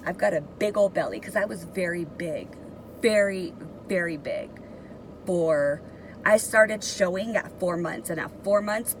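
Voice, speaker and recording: A woman's voice: on the low side, a little hiss or hum, low-quality recording. A young woman vlogger telling a personal story in a casual, emotional and profane way, rambling with many fillers.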